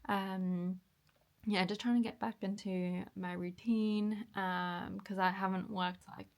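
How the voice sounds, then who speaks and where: A woman vlogging in a casual chatty way, with frequent ums and soft half-whispered asides, in a morning voice. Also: medium pitch, level tone, slow pace, gravelly. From Australia. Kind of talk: casual vlog chat.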